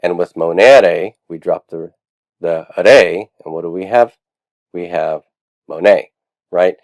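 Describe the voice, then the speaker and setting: Male Latin teacher, very low voice, patient step-by-step lecture delivery, dry booth-like recording. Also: slow, darkish tone, dry recording. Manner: patient, explains step by step with frequent fillers.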